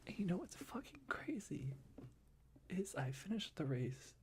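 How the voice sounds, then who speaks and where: A young man talking in a soft, rambling ASMR whisper, full of restarts, as he shares life updates. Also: high voice, big pitch swings, a little slow, slight background noise. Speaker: ASMR creator.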